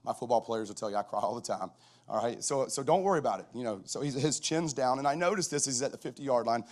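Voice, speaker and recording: A middle-aged man, a football coach, giving a conversational storytelling talk at a chapel, lively and full of restarts. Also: medium pitch, fast talker.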